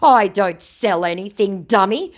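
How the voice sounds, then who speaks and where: A man's voice: high-pitched, animated, a little slow, pitched above the performer's own voice. A woman reading out the lines of a defiant young male romance scammer who taunts and justifies himself. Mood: taunting.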